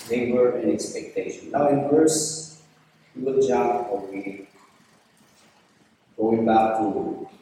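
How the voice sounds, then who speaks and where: Slow, deliberate preacher in an echoing hall. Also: male voice, mid-range voice, warm tone. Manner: deliberate, repeats phrases for emphasis. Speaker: priest leading a fellowship service. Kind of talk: sermon with scripture reading. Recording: echoey hall from far off, faint room noise.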